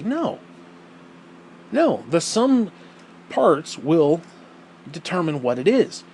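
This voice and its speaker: A man's voice: a little high, slow, long pauses, slight background noise, poor audio. Profane, emphatic man ranting. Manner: blunt and profane, emphatic swearing; animated, voice rising when indignant. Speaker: podcast host. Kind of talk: casual opinion monologue.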